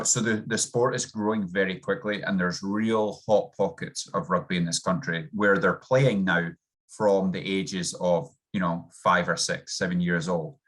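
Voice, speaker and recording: Low-voiced man, subtle Scottish accent. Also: a bit bright. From Scotland. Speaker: rugby coach. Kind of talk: interview guest. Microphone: video call.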